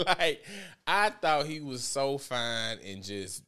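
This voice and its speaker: Male vlogger, mid-pitched, chatty and profane, animated storytelling commentary. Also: slow, clear, resonant tone. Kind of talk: casual commentary.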